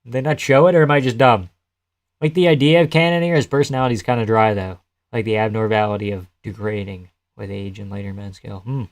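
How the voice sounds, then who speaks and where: A man's voice: lowish voice, fairly even intonation, fast talker. A young man live-streaming casual commentary, laughing often, swearing and answering his chat as he talks.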